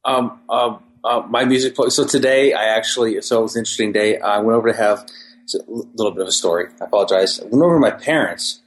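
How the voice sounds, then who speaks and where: Meandering low-voiced man telling a story. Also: quick pace, rough recording. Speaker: podcast co-host. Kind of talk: casual chat.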